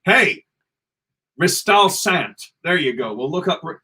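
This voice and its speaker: British male co-host, a bit tipsy, jokey, voice sits a little high. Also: animated, measured pace, sharp tone. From England. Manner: jokey, fond of silly accents and impressions. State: slightly tipsy. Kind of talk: casual late-night livestream chat.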